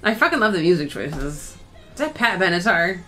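A woman's voice: fairly low pitch, very animated, normal speed, a bit bright, soft background music. A woman co-hosting a movie reaction, exclaiming, laughing and swearing as she watches. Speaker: co-host of a movie reaction channel. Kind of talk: excited movie reaction commentary. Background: film soundtrack playing.

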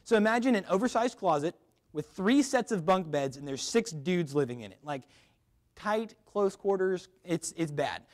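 A man's voice: sits high, normal speed. A young man giving a chapel sermon at a school, telling a funny personal story before turning to a Bible passage. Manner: lively, joking storyteller. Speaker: chapel speaker.

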